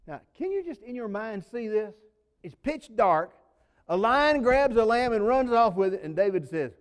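A high-voiced man preaching a sermon with wide, lively swings of pitch. He acts out quoted voices and moves between loud bursts and near-hushed lines. His voice rings with the long reverb of a large hall. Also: moderate pace.

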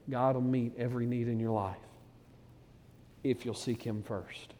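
A man preaching a sermon, talking plainly to his flock, then building to loud, excited peaks. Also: mid-range voice, normal speed, big-room sound. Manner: conversational preaching that swells to loud, excited climaxes. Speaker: pastor.

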